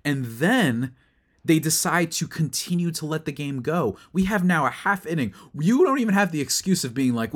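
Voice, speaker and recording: Young male host, mid-pitch voice, rambling fan rant that swings from mutters to indignant shouts. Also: animated, moderate pace. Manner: exasperated, ranting, rising to loud outbursts; rambling with fillers and restarts. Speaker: sports podcast host. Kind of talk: solo sports recap rant.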